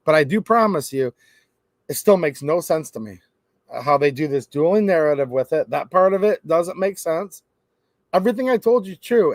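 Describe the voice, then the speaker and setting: A man's voice: a little high, dry recording. A man hosting a gun rights channel, talking to camera in a rambling, emphatic, conversational way. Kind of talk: casual monologue to camera.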